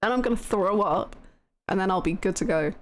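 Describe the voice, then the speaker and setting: A woman's voice: mid-range voice, brisk. A woman streaming a game, giggly and self-mocking, often breaking into laughter while voicing characters. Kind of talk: let's-play commentary, voicing characters. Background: game music.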